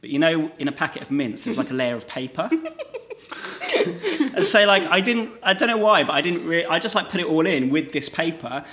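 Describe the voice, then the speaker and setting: A man hosting a casual podcast, friendly and quick to laugh, recorded in a church hall. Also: a little high, expressive, pushed and bright. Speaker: podcast host.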